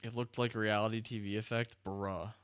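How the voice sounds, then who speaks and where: A man hosting a live stream, chatting casually and reacting excitedly to the screen and his chat. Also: on the low side, a little fast, clear, resonant tone, no room sound. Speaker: streamer host.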